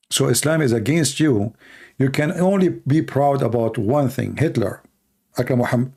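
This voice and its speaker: A man's voice: mid-range voice, normal speed, dark tone, husky. A man answering viewer questions in a casual monologue, blunt and opinionated, often repeating words as he goes.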